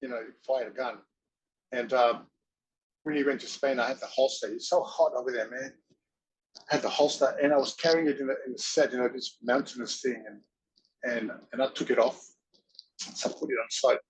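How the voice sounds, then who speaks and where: A man as an interview guest, telling stories in an animated way, often laughing and acting out voices. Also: mid-range voice, brisk, a little hiss or hum, rough recording. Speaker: interview guest, wrestler and actor. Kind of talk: casual storytelling.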